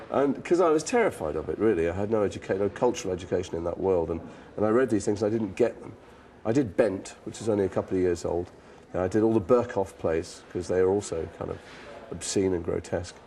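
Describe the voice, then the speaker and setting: A man's voice: lowish voice, lively intonation, fast, warm tone. A man in his forties with a northern English accent, telling frank, self-deprecating stories in an interview. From northern England. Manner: frank, self-deprecating storytelling with casual swearing. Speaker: actor being interviewed. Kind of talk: reflective interview anecdotes.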